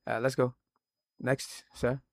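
A man hosting a radio talk show in a studio, speaking in a measured, emphatic way and calling on his guests one by one. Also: mid-range voice, little pitch movement, vocal fry.

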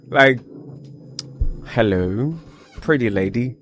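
A man hosting a radio show in a studio, teasing his guest in a playful way and dropping into quiet asides. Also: on the low side, measured pace, slight background noise. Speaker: radio presenter. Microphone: studio microphone. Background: music playing.

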